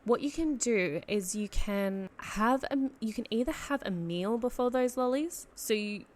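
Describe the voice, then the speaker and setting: A woman's voice: fairly high pitch, lively intonation, unhurried, a little mellow. A young woman with an Australian accent hosting a casual solo podcast, talking in a rambling way full of "like" and self-corrections, and often laughing at herself. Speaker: podcast host.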